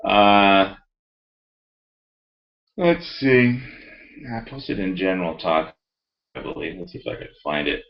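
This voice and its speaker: A man's voice: deep voice, animated, slow, pauses often, muffled recording. A man ranting heatedly in a rambling, profane way and reading his own forum post aloud. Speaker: video blogger.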